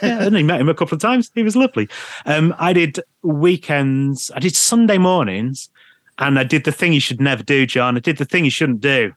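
A man's voice: on the high side, a little fast, dry recording. Chatty English man telling stories. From England. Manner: lively storyteller, laughs often. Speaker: podcast guest, radio presenter. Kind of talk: casual anecdotal chat.

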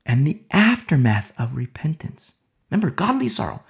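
A man preaching a sermon with fervor, swinging between loud exhortation and hushed, whispered prayer. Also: fairly high pitch, sing-song, moderate pace, vocal fry.

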